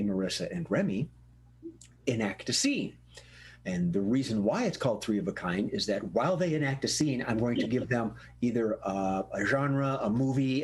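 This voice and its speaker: A man's voice: medium pitch, a little hiss or hum. A man hosting a live improv comedy show, explaining the games with playful laughs.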